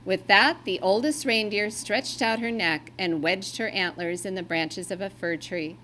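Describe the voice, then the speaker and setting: A woman reading a children's story aloud in a gentle, expressive storytelling way. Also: mid-range voice, unhurried, slight background noise.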